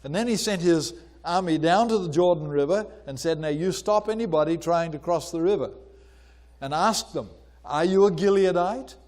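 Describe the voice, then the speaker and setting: An older man giving an informal lecture on archaeology, conversational with many pauses and fillers, sometimes acting out voices as he retells a story. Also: on the high side, darkish tone.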